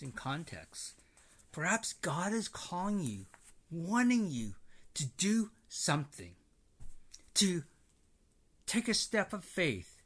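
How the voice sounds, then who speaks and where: A man's voice: a little high, fairly bright tone. A man preaching on a Bible passage, emphatic and repeating his points in new words. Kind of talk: Bible teaching.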